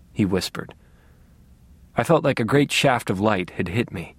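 A man narrating a first-person novel in a measured, wryly dry manner. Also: on the low side, lively intonation, no echo. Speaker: audiobook narrator.

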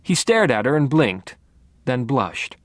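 A man's voice: medium pitch, sing-song, slow, no echo. A man narrating a first-person audiobook in a dry, wry manner.

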